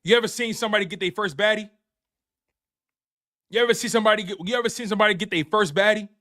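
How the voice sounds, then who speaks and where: A sports show host with a high-pitched, fast voice runs a live sports talk stream. Animated and casual, he repeats himself and trash-talks his chat playfully.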